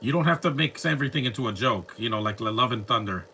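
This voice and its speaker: A man's voice: medium pitch, expressive, fast, sharp tone, slight background noise. A man watching fan films on a live stream, talking back to the screen with sarcastic, joking commentary and grumbling rants. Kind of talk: casual reaction commentary.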